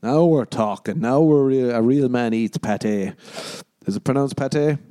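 A man's voice: mid-range voice, moderate pace, dark tone, clean tone. A young man hosting a rambling solo podcast, profane and jokey, often slipping into exaggerated mock voices. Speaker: podcast host.

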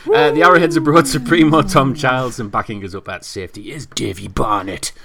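A man's voice: medium pitch, brisk, creaky, a crowd in the background. A man with a Geordie accent co-hosting a podcast, chatting casually and joking at his own expense. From northern England. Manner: jokey, self-deprecating. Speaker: podcast co-host. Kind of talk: casual chat.

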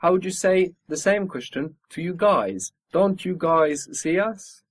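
A man's voice: high-pitched, unhurried, no room sound. A man teaching a spoken language lesson, patiently modelling pronunciation and encouraging his student.

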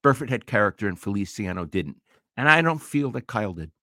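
A man's voice: on the low side, big pitch swings, a little fast, bright, forceful tone, no echo, clean studio sound. An older man, a retired sports writer, co-hosting a casual sports podcast with emphatic opinions and stumbling restarts.

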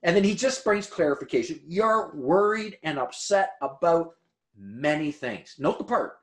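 A man preaching a sermon as pastor, explaining a scripture passage in an expressive, conversational way. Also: on the high side, measured pace. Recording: roomy echo.

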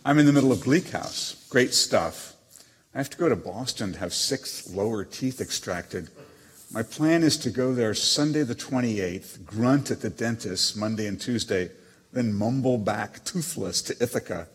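An actor reading letters as a proud, witty émigré novelist, with a haughty, dryly teasing manner. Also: male voice, fairly low pitch, animated, unhurried, breathy edge. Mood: wry. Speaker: letter reader. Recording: long hall reverb.

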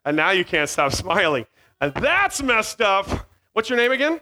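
Man, 40s, high bright voice, camp speaker wandering off on silly tangents for middle schoolers. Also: big pitch swings, moderate pace. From Virginia. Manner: scattered, self-mocking, jumps between tangents. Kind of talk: joking talk to middle schoolers. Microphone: headset mic.

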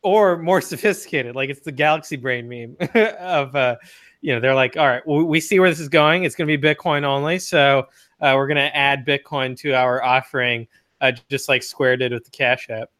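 Male co-host, tense bright tone, wry joker in relaxed talk. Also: medium pitch. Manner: quick, wry, laughs while talking. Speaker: podcast co-host. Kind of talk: casual chat.

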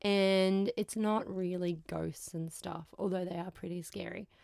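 A woman's voice: fairly low pitch, steady tone, unhurried, creaky, a little mellow, no room sound, studio quality. A woman librarian hosting a book podcast, chatty and enthusiastic, laughing often as she talks. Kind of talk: casual book chat. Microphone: studio microphone.

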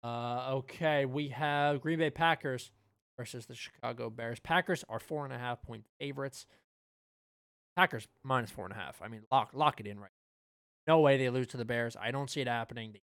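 Smooth-voiced man, casual betting chat. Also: medium pitch, normal speed, no echo, clean studio sound. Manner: relaxed, loose, with frequent fillers. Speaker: podcast co-host.

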